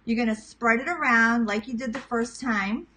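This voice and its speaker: Speaking at normal speed in a fairly high, pushed, bright voice, this woman runs a casual cooking demo from her home kitchen. She's a Queens vlogger in her thirties with a New York accent, chatty and self-teasing, calling viewers "guys." The recording is low quality, with slight background noise.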